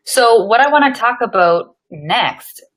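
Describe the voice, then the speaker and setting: A woman's voice: a little high, expressive, a little slow, a bit bright. A woman co-hosting a casual podcast chat, talking earnestly, affirming her co-host and swearing casually.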